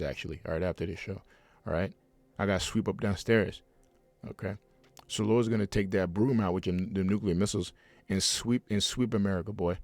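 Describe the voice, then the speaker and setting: A man's voice: low voice, darkish tone, no room sound. A man preaching a heated, rambling sermon at home, reading scripture and breaking off into fiery asides with many restarts.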